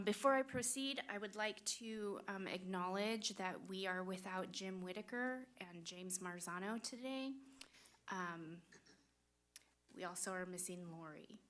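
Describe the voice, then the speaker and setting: A woman's voice: medium pitch, a little slow, fairly bright tone. Woman chairing a school board meeting. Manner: reads case numbers with frequent ums. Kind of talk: formal meeting procedure.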